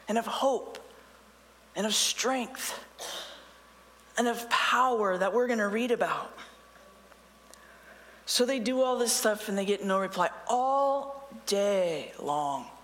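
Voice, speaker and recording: A woman's voice: mid-range voice, a bit bright, big-room sound. Woman pastor, casual preaching delivery, dry sarcastic asides between scripture readings. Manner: conversational, sarcastic asides, reads scripture aloud. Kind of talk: sermon.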